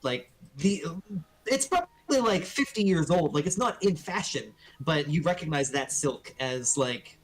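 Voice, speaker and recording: A man narrating as dungeon master in a casual, halting way with many fillers. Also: on the high side, lively intonation. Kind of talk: narrating a tabletop game.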